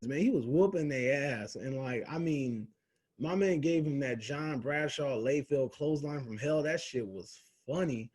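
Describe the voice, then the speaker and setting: A man's voice: medium pitch, a little slow, darkish tone, slight background noise. A young man giving a casual, profane, rambling film review full of slang.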